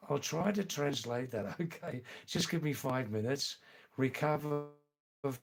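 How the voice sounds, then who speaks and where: A man's voice: mid-range voice, slow, creaky. A man live streaming, chatting in a rambling way and answering viewers by name.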